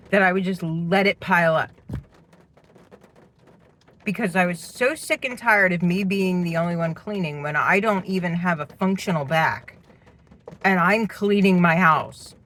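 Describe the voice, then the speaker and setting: A woman's voice: on the low side, lively intonation, unhurried, a bit bright, slight background noise. A middle-aged woman venting indignantly as she tells a personal story about her household. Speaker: parent telling a personal story. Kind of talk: personal vlog monologue.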